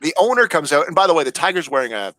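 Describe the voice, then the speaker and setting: A man's voice: on the high side, very animated, very fast, fairly bright tone, no room sound, low-quality recording. A man co-hosting a podcast, telling a story in casual chat and laughing often. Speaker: podcast co-host.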